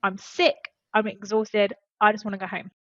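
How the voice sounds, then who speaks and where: A woman's voice: mid-range voice, little pitch movement, normal speed, no echo, highs cut off. A woman, a podcast guest and former HR specialist, telling an earnest and emotional story in casual conversation.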